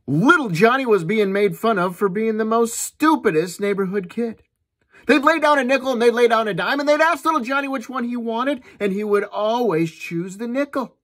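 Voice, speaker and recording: A man's voice: sits high, animated, normal speed, a bit bright. A middle-aged man telling dirty jokes, laughing at his own punchlines. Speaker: joke teller.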